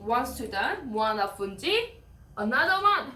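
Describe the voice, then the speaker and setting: A woman leads a language lesson, drawing out each word slowly so students can follow. Her voice rises and falls in a lively way and sits fairly high. She sounds a little distant in an echoey room, with faint noise behind. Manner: patient, repeats words slowly for students. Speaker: Swahili teacher.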